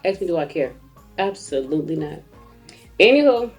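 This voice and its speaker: A woman, a mother, telling a comic story in a casual rant, animated and acting out other people's voices. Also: fairly low pitch, normal speed, soft background music.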